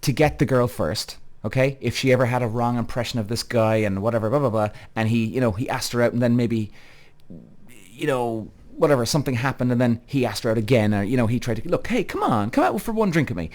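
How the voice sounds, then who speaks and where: A man's voice: medium pitch, fairly even intonation, fast, a little mellow. A man in his thirties hosting a podcast, ranting heatedly with frequent swearing and repetition, speaking straight to his listeners. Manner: heated, swearing, repeats himself, addresses listeners as guys. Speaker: podcast host. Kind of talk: animated solo podcast rant.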